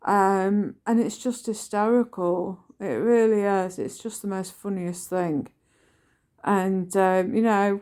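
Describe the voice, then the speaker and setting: An unhurried woman in her forties speaks casually. She stops and restarts often and fills the gaps with ums. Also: mid-range voice, steady tone, darkish tone, clear, resonant tone. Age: 40s. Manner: halting, with many ums and restarts. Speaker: vlogger sharing her journal. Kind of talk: casual personal vlog talk.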